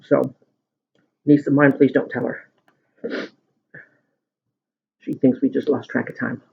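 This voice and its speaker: A man's voice: medium pitch, level tone, slow, vocal fry, slightly rough. A man casually chatting at home while eating on camera, telling a long rambling story. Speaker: mukbang vlogger. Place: at home at the dinner table. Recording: muffled lo-fi sound.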